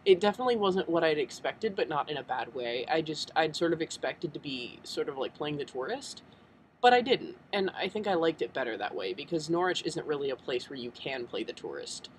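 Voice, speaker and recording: A man's voice: fairly high pitch, lively intonation, a little fast, slight background noise, low-quality recording. A young American man chatting casually in a vlog, rambling and full of ums. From United States. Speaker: vlogger.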